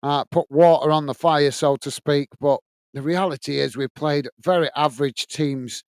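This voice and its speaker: A man's voice: fairly high pitch, fairly even intonation, normal speed, darkish tone, clear, resonant tone, dry recording. A man hosting a football watch-along stream, reading out viewer messages and thanking each one as "mate". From England. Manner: chatty, says "mate" and "guys" a lot. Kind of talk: live stream chat.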